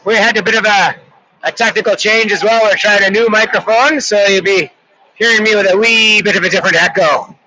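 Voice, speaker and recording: A man's voice: high-pitched, steady tone, brisk, bright, forceful tone, a little hiss or hum, poor audio. A middle-aged Canadian man calling a youth hockey game in a put-on Irish accent, chatty and playful with rambling asides. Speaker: hockey play-by-play announcer. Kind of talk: joking live game commentary.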